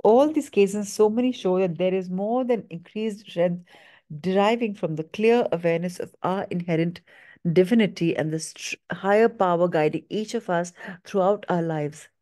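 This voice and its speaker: Low, mellow woman reading aloud. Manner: measured, steady reading with small stumbles.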